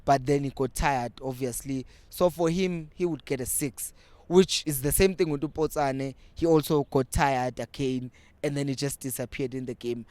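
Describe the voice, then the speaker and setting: A young South African man with a local accent, giving lively casual commentary as host of a football fan channel. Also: medium pitch, moderate pace, no room sound. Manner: animated, switching between English and Zulu.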